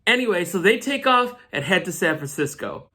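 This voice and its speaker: A man's voice: high-pitched, big pitch swings, brisk, bright, forceful tone. Male comic vlogger, casual recap, playful slangy commentary. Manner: joking, slangy asides. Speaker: comic book reviewer.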